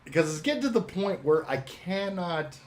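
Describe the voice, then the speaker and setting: Guy rambling on a podcast, kinda high voice, laughs a lot, faint hiss behind. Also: animated, normal speed. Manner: rambling, laughs often, swears. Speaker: podcast co-host and shop owner. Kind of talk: casual chat.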